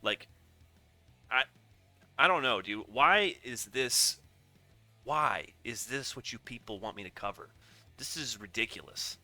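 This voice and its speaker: A man's voice: medium pitch, lively intonation, measured pace, long pauses, pushed and bright, soft background music. A man casually reacting to a video, rambling and sarcastic, often getting worked up and swearing. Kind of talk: casual profane reaction commentary.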